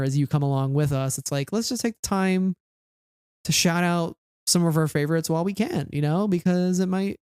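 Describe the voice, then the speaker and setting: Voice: medium pitch, a little mellow, clear, resonant tone, dry recording, clean studio sound. A podcast co-host in a casual book discussion, rambling with constant "like" and restarts. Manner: rambling, heavy use of "like" and restarts.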